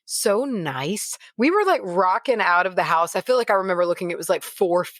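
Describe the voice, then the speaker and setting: A woman's voice: lowish voice, expressive, fairly quick, dry recording. A woman co-hosting a podcast in casual chat, wry and talkative with frank swearing. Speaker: podcast co-host.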